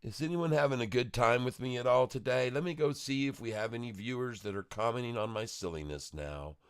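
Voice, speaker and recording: A man's voice: mid-range voice, fairly quick, smooth. A man hosting a casual day-trading livestream, goofy and joking, making rhymes as he chats. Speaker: livestream day trader host.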